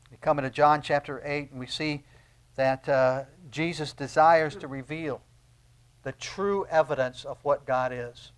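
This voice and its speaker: A middle-aged man delivers a sermon in a voice pitched a little high. He moves between hushed, low asides and loud, emphatic rises, pressing each point home. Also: steady tone, a little slow, clean tone. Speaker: pastor.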